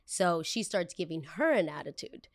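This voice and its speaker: A young woman with a fairly low voice tells a story on her podcast. She is blunt and emphatic and acts out what people said. The recording is dry and close, with no room sound. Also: normal speed, no echo. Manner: emphatic, animated, acts out quoted dialogue; blunt, self-aware. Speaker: podcast host.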